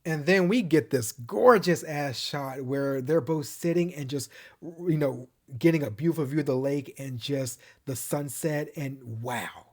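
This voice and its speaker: A man's voice: a little high, unhurried. A man recapping and reviewing a TV show in a casual, gushing way, laughing often.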